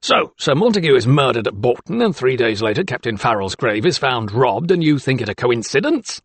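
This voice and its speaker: Male narrator voices a blunt, mean prison keeper; forceful, dry studio sound. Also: mid-range voice, lively intonation, fast, vocal fry, no echo, full character voice. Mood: gruff. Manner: barking, forceful delivery.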